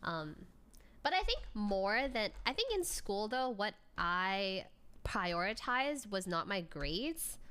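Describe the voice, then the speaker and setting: Reacting to a video, a young adult woman streamer chats casually, laughing often and swearing casually as she tells stories. Her mid-range voice is bright, smooth, and forceful, very animated yet unhurried.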